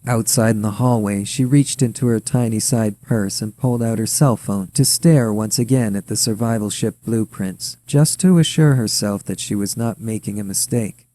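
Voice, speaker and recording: A man reading his own story aloud in a measured, wry storytelling manner. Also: on the low side, dark tone. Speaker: author and narrator. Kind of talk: scripted story narration.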